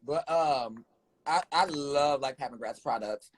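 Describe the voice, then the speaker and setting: A young man, a drag performer guest in a casual live chat, animated and sassy, calling people "girl" and "honey". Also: medium pitch, slow, breathy edge.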